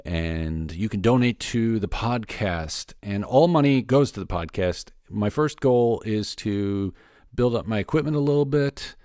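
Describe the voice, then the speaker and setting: Low-voiced man rambling through a podcast update. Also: a little mellow, no echo, clean studio sound. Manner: loose and rambling, many fillers and restarts. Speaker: podcast host. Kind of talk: casual solo podcast update.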